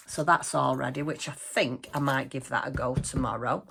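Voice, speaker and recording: A middle-aged woman hosting a crafting channel, chatting excitedly to the camera at home and laughing often. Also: rumbling low, normal speed, creaky, breathy edge. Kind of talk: casual chat to camera. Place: small home craft room.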